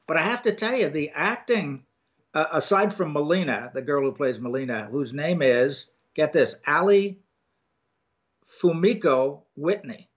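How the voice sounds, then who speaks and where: An older man co-hosting a film review chat, talking casually and haltingly with many ums and restarts. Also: on the high side, animated. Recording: dull lo-fi sound.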